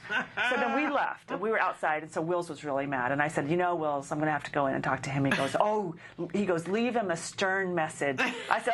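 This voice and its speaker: A middle-aged woman telling a personal story in casual conversation, acting out the dialogue with animated shifts in her voice. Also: brisk, slight background noise. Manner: animated, acts out dialogue with rising pitch.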